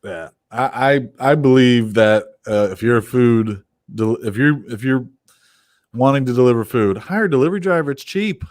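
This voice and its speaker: A man's voice: mid-range voice, moderate pace, a little mellow, no room sound, studio quality. A man co-hosting a podcast in casual chat, giving business-minded opinions in a conversational way. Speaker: podcast co-host.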